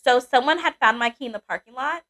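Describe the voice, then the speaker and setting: A young adult woman co-hosting a podcast, telling a personal story in casual chat, animated and swearing freely. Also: sits high, fairly quick. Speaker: podcast co-host.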